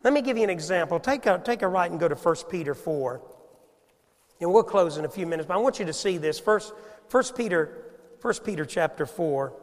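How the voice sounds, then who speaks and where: A man preaches a sermon in a church, his voice high for a man and ringing with a long hall reverb. He asks the congregation question after question and moves between loud emphasis and quiet, hushed asides. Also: lively intonation, fairly quick. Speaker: pastor. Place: church sanctuary.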